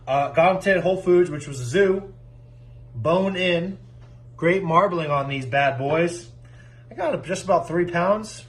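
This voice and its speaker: With a high-pitched voice and poor audio quality, a male home cooking vlogger walks through a recipe in his kitchen in a casual, jokey, upbeat manner.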